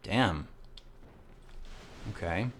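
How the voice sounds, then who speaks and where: A man hosting a let's play, rambling through casual, profane gameplay commentary with excitable outbursts. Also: low-pitched, very slow.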